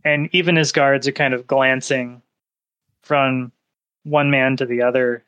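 Slow-paced game master narrating. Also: male voice, medium pitch, level tone, a bit bright, smooth, lo-fi sound. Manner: descriptive, unhurried, casual.

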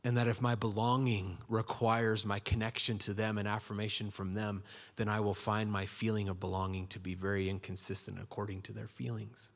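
A man's voice: on the low side, level tone, a little fast, gravelly. A man preaching a sermon in a conversational, storytelling way, acting out quotes in his stories. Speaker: pastor.

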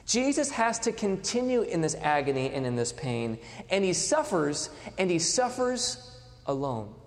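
Male preacher, animated delivery, swings loud to hushed; long hall reverb. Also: high voice, measured pace. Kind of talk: sermon.

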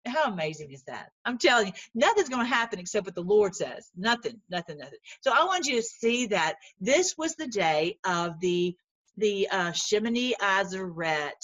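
An earnest woman giving informal Bible teaching and prayer, animated, laughing often and repeating words as she goes. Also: mid-range voice, normal speed, no echo.

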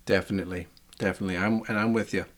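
A man hosting a casual podcast interview, talking in a relaxed way with fillers. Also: low voice, racing. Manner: warm-hearted thanks, relaxed, fillers. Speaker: podcast host.

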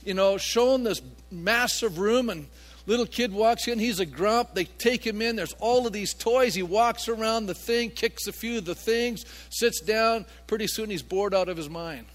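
A man's voice: sits high, normal speed. A male pastor preaching a sermon, emphatic and full of rhetorical questions to his congregation. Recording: long hall reverb.

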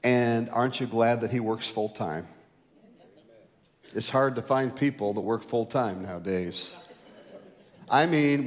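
A male pastor preaching a sermon, rising loud and high to stress a point, then dropping low and slow. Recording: long hall reverb.

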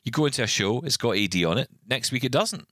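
A man's voice: mid-range voice, lively intonation, quick pace, a bit bright, no echo, clean studio sound. A man co-hosting a podcast, ranting animatedly in casual chat, often restarting his sentences. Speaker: podcast co-host.

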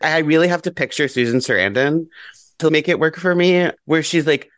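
A man talking as a podcast guest in a casual book discussion, animated, bluntly swearing and acting out quoted lines with big jumps in pitch. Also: fairly quick, clear, resonant tone, no echo.

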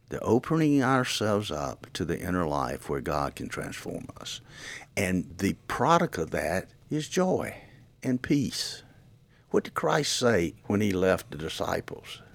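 Man, very low gravelly voice, lively pitch, reflective devotional talk. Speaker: podcast co-host. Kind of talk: devotional discussion.

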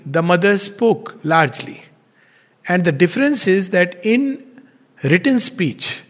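High-voiced man lecturing in a reverberant hall. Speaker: spiritual lecturer. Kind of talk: reflective spiritual talk.

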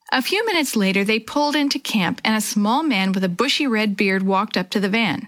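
A woman narrating a children's story aloud in a clear, expressive storytelling manner. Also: mid-range voice, normal speed, hardly any pauses.

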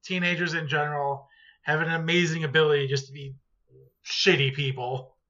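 A man's voice: fairly high pitch, steady tone, normal speed, bright, forceful tone, dull audio. A man cohosting a podcast in casual chat, joking and rambling and swearing now and then. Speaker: podcast co-host.

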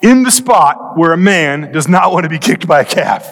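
A man preaching in church, telling a comic story with animated bursts of speed and drawn-out pauses. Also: fairly high pitch. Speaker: pastor. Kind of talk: storytelling sermon. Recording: long hall reverb.

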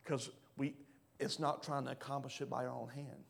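A pastor preaching a sermon, swinging between loud rising bursts and quiet low drops. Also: male voice, level tone, normal speed, creaky. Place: church hall.

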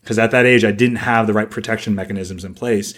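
This podcast co-host speaks fast with a fairly low, slightly bright voice and fairly even intonation. His talk is casual and meandering, packed with "like" fillers.

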